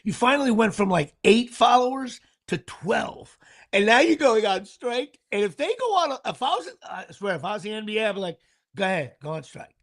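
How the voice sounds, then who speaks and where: This podcast host is a middle-aged man whose fairly bright voice sits high, with lively intonation and a brisk pace. He keeps things casual, funny, and profane, stammering and repeating himself along the way.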